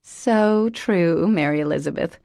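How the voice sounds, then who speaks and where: A kind young woman speaks in a gentle, reassuring way, as a female narrator voices her. Her voice is low with some gravel, close and dry. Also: a little slow, no echo. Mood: friendly.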